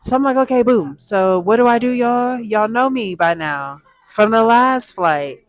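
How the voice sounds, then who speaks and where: A young woman, telling a personal story to viewers in a lively, chatty way. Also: on the high side, a little slow, no echo. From Texas, USA. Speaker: storytime vlogger.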